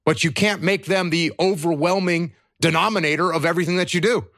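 A man's voice: a little high, brisk, a bit bright, no echo, studio quality. A man, a veteran who has lost friends, talking earnestly to other veterans about emotions. He asks himself questions, answers them, and repeats his key points. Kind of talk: earnest conversational advice.

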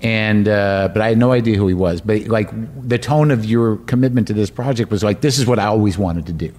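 Low-pitched male host, halting delivery, casual interview style. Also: darkish tone, in a large hall. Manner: halting, many fillers and restarts.

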